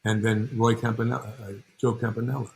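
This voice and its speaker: Heard on a rough recording, an older New York actor-director tells rambling stories during a relaxed interview and acts out the people involved. His medium-pitched, gravelly voice has a darkish tone, and he keeps a level delivery at a brisk pace.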